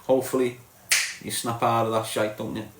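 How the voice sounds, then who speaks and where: Scouse man, middle-aged, mid-pitched voice, live-stream host, blunt and mocking, swears a lot, echoey room. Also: little pitch movement, brisk, background noise. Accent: Liverpool (Scouse). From Liverpool, England. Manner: blunt, sweary, mocking, tags lines with "lad" and "mate". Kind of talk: ranting live-stream chat with viewers. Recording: roomy echo.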